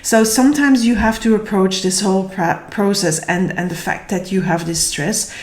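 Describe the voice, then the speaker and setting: Tired, slightly hoarse woman reading tarot. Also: mid-range voice, normal speed, darkish tone. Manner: thinking aloud, searching for words. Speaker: tarot reader. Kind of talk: casual spoken tarot reading. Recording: echoey room.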